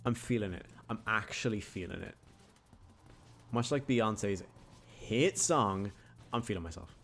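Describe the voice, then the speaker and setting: A man with a fairly low voice talks his way through a video game run in loose, casual commentary. He drifts into rambling, jokey asides between remarks on the game, and faint game music plays behind him. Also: unhurried, fairly bright tone. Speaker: gaming YouTuber.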